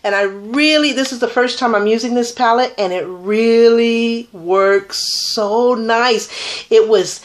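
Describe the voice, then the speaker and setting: A beauty vlogger talks her way through a makeup tutorial in a slow, higher-pitched voice. She rambles casually and gushes about her products.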